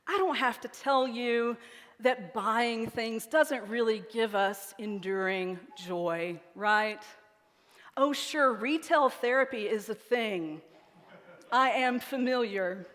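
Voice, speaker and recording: A woman's voice: fairly high pitch, takes it slowly, a bit bright. A woman pastor preaching a sermon in a chapel, telling stories in a conversational way. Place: chapel sanctuary. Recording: reverberant sanctuary.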